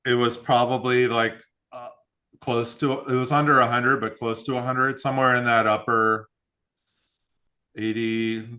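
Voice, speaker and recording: A man's voice: medium pitch, unhurried. A man hosting a whiskey club tasting, chatting casually and reading out mash bills and proofs. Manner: relaxed, reads out mash bills and tasting notes.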